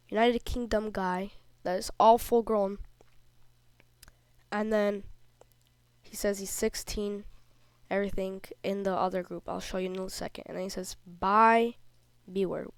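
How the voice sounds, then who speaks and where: A kid before puberty, a little under the weather, rambles through a vlog in an indignant tone. The voice is smooth and clear, with a flat, level pitch. It sits close and dry, with almost no room sound. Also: unhurried, pauses often, dry recording. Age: child, before puberty. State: a little sick. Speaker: video creator. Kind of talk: casual vlog commentary over screenshots.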